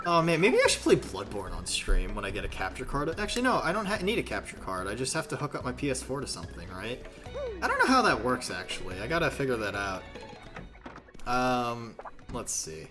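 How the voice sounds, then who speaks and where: A man's voice: mid-range voice, very animated, fairly quick, over music. A man streaming a video game who rambles casually, makes fun of himself and swears freely. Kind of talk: casual gaming stream commentary.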